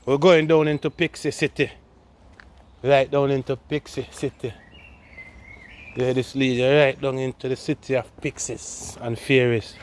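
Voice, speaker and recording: A man talks slowly and easily to his viewers while out on a woodland walk. He records on a phone as he goes, in a casual vlog style with open outdoor air around him. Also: medium pitch, flat delivery, a little hiss or hum. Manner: laid-back, talks to viewers while walking. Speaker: vlogger.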